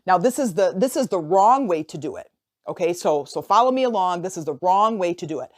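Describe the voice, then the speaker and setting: A woman hosting a motivational coaching podcast, telling a story in a casual, animated way, often repeating and restarting her phrases. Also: fairly low pitch, a little fast. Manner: animated, acts out imagined dialogue. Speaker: podcast host and life coach.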